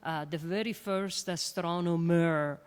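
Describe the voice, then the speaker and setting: Italian-accented woman, halting and earnest. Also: fairly low pitch, fairly even intonation, clean tone. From Italy. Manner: earnest, halting, many fillers. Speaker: astrophysicist and educator. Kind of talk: panel discussion.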